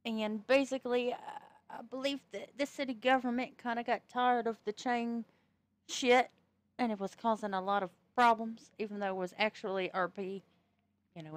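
A woman's voice: mid-range voice, no echo. A woman from the US East Coast, streaming a roleplay game and chatting casually, blunt and profane in an easygoing way. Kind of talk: casual chat while playing a roleplay game.

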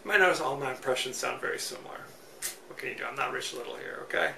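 Chatty man with a gravelly voice. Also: medium pitch, quick pace, pushed and bright. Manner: chatty, joking, opinionated. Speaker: podcast host. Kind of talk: solo movie commentary. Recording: roomy, distant mic, faint noise.

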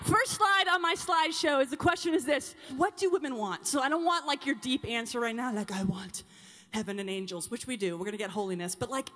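A woman's voice: sits high, lively intonation, quick pace, hardly any pauses, sharp tone. A young adult woman speaking to a conference of teen girls in a bubbly, chatty way, calling out to the crowd. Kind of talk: energetic talk to teen girls. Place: large conference hall. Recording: long hall reverb.

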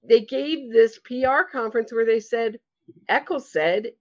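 A woman's voice: on the high side, unhurried, a little mellow. A woman with a New York accent, a podcast guest explaining things in a chatty way with frequent restarts. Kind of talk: casual podcast interview. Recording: slightly dull, lo-fi audio.

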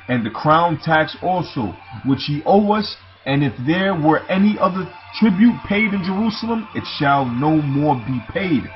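Man reading scripture over background music. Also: fairly high pitch. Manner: casual asides, often says "man" and "you see". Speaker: scripture teacher. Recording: dull lo-fi recording with music behind.

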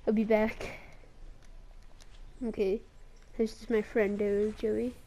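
A woman's voice: medium pitch, flat delivery, takes it slowly, mellow, a little hiss or hum. A woman giving live commentary while playing a battle royale game, muttering to herself and breaking into sarcastic, swearing outbursts. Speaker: gamer.

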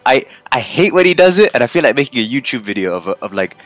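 A man's voice: medium pitch, sing-song, fast talker, fairly bright tone, dry recording. A man from London, casting a game tournament in a rambling, jokey way and laughing often. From London, England. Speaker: tournament caster. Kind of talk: casual game commentary.

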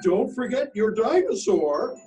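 A man's voice: high-pitched, big pitch swings, unhurried, mellow, recorded from a distance, faint music behind, voice pushed up. A man doing a chirpy bakery lady. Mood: cheerful. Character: cheerful bakery lady, adult woman.

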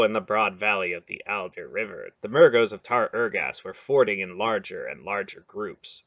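Bright-voiced man reading a fantasy novel. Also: lowish voice, gravelly, no echo, lo-fi sound. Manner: steady storytelling reading. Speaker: audiobook reader. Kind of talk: scripted narration of a fantasy novel.

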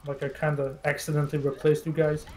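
A man's voice: a little high, monotone, fast talker, very noisy. A man chatting while gaming on voice chat, rambling and exasperated, swearing a lot. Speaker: gamer on voice chat. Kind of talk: casual gaming banter. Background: keyboard typing and clicks.

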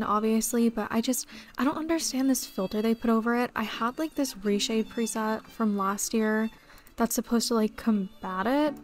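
A young woman giving casual, chatty commentary while playing a game, excitable and quick to get frustrated. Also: on the high side. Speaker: game streamer.

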